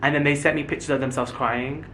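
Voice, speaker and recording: A young man in his twenties chats straight to camera as a YouTuber, recounting stories with lots of animation. His pitch sits in an ordinary middle range. He slips into the voices of the people he quotes. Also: quick pace, slight background noise. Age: 20s. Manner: animated, acts out quoted dialogue. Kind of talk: casual storytelling to camera.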